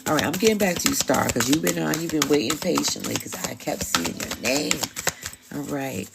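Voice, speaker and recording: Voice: medium pitch, animated, fairly quick, creaky, heavy background noise. A tarot reader hosting a live stream, talking casually and bluntly with slang, swearing and frequent laughs.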